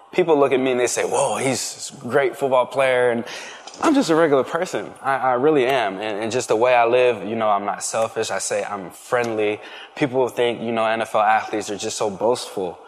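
Young man giving a rambling faith testimony. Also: lowish voice. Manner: casual, rambling, lots of fillers and restarts. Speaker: guest speaker. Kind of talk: testimony talk to an audience. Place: hall with an audience. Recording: reverberant hall.

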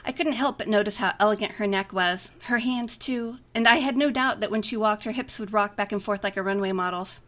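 A woman's voice: medium pitch, a little fast, hardly any pauses, fairly bright tone. A woman reading a romantic comedy aloud in a chatty way, giggling often between lines. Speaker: story reader.

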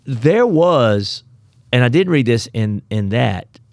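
A man co-hosting a casual Bible study talk, telling the story with animated, playful asides. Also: mid-range voice, slow pace, dry recording, clean studio sound. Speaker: co-host of a Bible study podcast.

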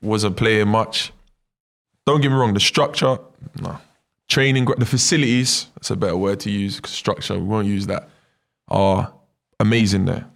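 A footballer, low and gravelly. He tells his stories animatedly, leaning on fillers and tag questions to pull the listener in. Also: fairly even intonation, moderate pace. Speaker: footballer guest. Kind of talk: casual interview chat.

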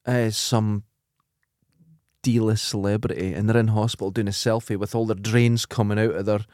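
A man's voice: on the low side, level tone, moderate pace, a little mellow, dry recording, studio quality. A man co-hosting a podcast, telling wry anecdotes in a crude casual chat. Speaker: podcast co-host.

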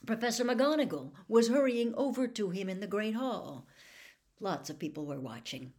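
Expressive woman reading a storybook aloud. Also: mid-range voice, normal speed. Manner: expressive, dramatic narration.

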